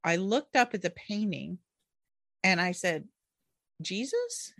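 A middle-aged woman, an author, telling a personal story in an interview with animated delivery and frequent laughter. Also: lowish voice, unhurried, vocal fry, dry recording, clean studio sound. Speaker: author and guest.

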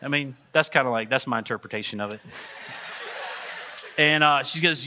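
A male pastor preaching a sermon, telling a personal story in an animated way and acting out the voices. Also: mid-range voice, moderate pace.

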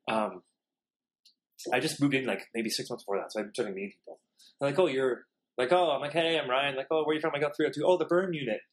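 A man telling a story in casual, profane chat, acting out the other people in it. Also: mid-range voice. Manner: fast, profane, animated storytelling.

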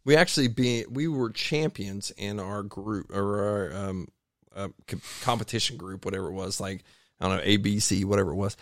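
A man, a triathlete guest, telling his stories in a rambling, animated way in a home garage. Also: on the low side, fairly quick, no room sound, clean studio sound. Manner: rambling, animated storytelling with restarts. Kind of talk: casual storytelling interview.

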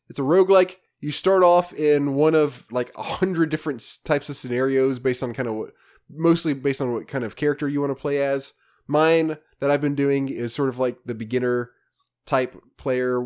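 A man co-hosting a casual podcast, telling a rambling, animated story about a video game with many restarts. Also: medium pitch. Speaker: podcast co-host.

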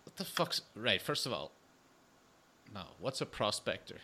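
A man's voice: lowish voice, big pitch swings, normal speed, bright, forceful tone. A man, a podcast guest, bantering and swearing freely in casual chat.

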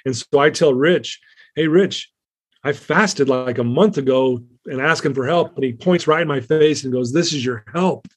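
A man's voice: medium pitch, normal speed. A man as an interview guest, telling a personal story in an earnest, rambling way with many fillers and restarts.

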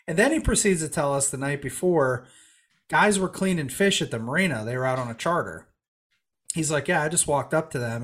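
A man telling a long fishing story in casual chat, acting out the people in it. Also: a little high. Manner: animated storyteller, acts out quoted voices. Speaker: podcast guest telling a story.

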